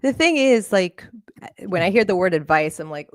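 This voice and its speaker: A woman's voice: medium pitch, lively intonation, normal speed, no echo, studio quality. A woman therapist, a guest on a podcast, talking in an earnest, encouraging way. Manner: earnest, encouraging, laughs often. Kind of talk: casual interview talk.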